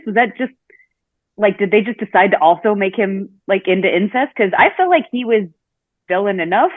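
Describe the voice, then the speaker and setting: A woman's voice: mid-range voice, big pitch swings, a little fast, no echo. A woman, a podcast guest, chatting casually with lots of hesitant fillers and restarts. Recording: tinny phone-like call line.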